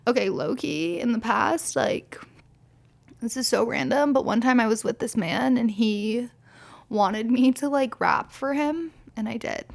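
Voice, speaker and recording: A woman's voice: on the high side, unhurried, creaky. A young woman hosting a podcast, telling stories in a blunt, exasperated way, swearing freely and saying "like" often. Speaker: podcast host. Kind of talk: casual storytelling monologue.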